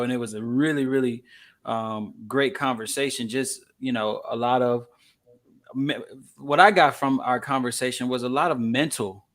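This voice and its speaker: Man, podcast host, casual interview, upbeat, laughs often, um fillers, mid pitch. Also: a bit bright.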